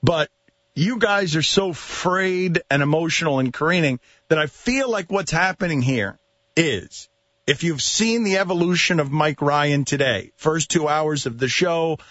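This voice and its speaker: A man's voice: on the high side, unhurried, a bit bright, no echo, muffled recording. A man hosting a sports radio show, teasing his co-hosts with wry jokes and frequent laughter. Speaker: host.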